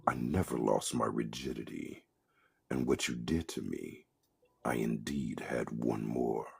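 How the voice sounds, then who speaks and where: A man slowly reading an erotic story aloud in an intimate, breathy way. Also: very deep voice.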